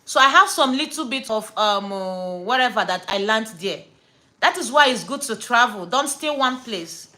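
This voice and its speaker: A woman's voice: a little high, lively intonation, moderate pace, sharp tone, rough recording. A woman from Nigeria with a Nigerian accent, telling a story and ranting to camera in a casual vlog, stressing points by repeating words and slipping into Pidgin. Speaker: vlogger.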